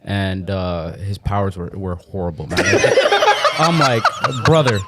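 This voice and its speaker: A man's voice: sits low, unhurried, very noisy. A young man co-hosting a podcast, telling stories in casual chat with lots of slang and laughter. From Canada. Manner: animated, laughing, slangy storytelling. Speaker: podcast co-host.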